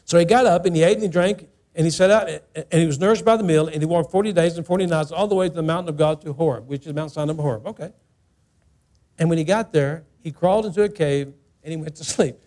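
A man's voice: on the high side, quick pace, a little mellow. A middle-aged male pastor preaching a sermon in church, emphatic and repetitive, acting out the quotes as he speaks. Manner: emphatic, repeats phrases, acts out quotes.

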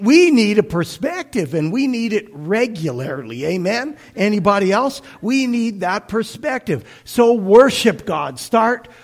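Lively, unhurried man preaching a sermon. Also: fairly high pitch. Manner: conversational and animated, with swells and hushed moments. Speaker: pastor.

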